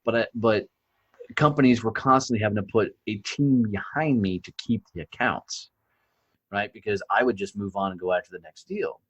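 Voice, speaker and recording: A man's voice: lowish voice, moderate pace, breathy edge, muffled recording. A middle-aged man from the rural United States, a podcast guest telling stories in a blunt, profane way and often checking in with "right?". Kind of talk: casual storytelling.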